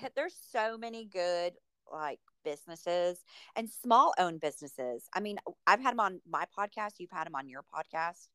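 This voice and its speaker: A woman's voice: on the low side, lively intonation, moderate pace, few pauses, pushed and bright, smooth, dry recording. A woman hosting a podcast interview, enthusiastic and gushing. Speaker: podcast host. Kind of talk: casual interview.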